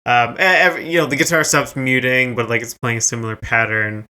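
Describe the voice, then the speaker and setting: Podcast co-host, male, average pitch, bright tone, rambling with filler words. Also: steady tone, fast. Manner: rambling, lots of likes and ums. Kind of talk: casual music chat.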